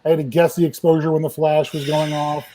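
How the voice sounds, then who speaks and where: Talking fast in a fairly high voice, a male film still photographer tells animated behind-the-scenes stories to a casual group chat, acting out people's quotes. The recording is low quality.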